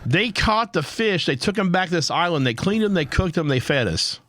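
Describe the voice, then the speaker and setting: Podcast host guy, cursing constantly, bit higher voice, rambling. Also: lively intonation, normal speed, a bit bright, dry recording, clean studio sound. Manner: profane, rambling storyteller. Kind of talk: casual chat.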